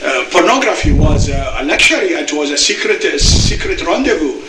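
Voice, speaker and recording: A man's voice: a little high, animated, normal speed. A man speaking as a guest expert, arguing his point with a stream of rhetorical questions. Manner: argumentative, firing rhetorical questions. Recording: distant echoey noisy played clip.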